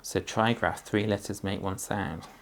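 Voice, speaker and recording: Slow patient teacher man, gravelly voice. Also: on the low side, fairly even intonation, slight background noise. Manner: slow, patient, sounding out words and syllables. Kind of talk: phonics lesson demonstration for parents.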